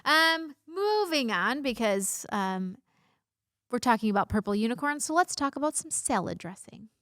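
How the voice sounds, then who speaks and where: A woman's voice: on the high side, very animated, normal speed, fairly bright tone, dry recording, studio quality. A woman in her thirties hosting a casual vlog, bubbly and playful, making jokey asides and censoring herself. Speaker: vlog host. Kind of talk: casual talking-head vlog.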